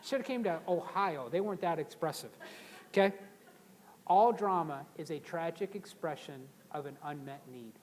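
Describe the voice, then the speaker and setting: A man giving a live motivational seminar to an audience, energetic and conversational, drawing the crowd in to repeat words after him. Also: fairly high pitch, normal speed, slight background noise. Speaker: seminar speaker.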